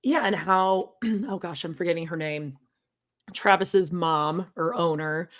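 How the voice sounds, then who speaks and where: A woman with a lower voice co-hosting a chatty podcast. She tells stories with lively retellings and mimics the people she quotes. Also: measured pace. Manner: animated storytelling, imitates people she quotes. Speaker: podcast co-host. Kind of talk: casual chat.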